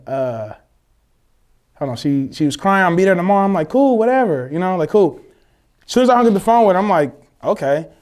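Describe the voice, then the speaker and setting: A young man, telling a personal story in casual, slangy, animated chat, acting out the voices of others. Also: fairly high pitch. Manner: animated, swears freely, slangy, acts out quoted voices. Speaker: guest telling his story.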